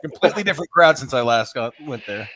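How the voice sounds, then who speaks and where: A man's voice: medium pitch, expressive, quick pace, fairly bright tone, no echo. A man co-hosting a podcast in casual chat, rambling through profane stories. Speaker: podcast co-host.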